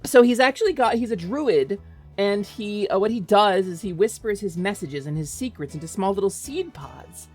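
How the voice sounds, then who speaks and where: Animated woman game master. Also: medium pitch, moderate pace, breathy edge, soft background music. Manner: playful, animated storytelling. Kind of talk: narrating a tabletop game stream.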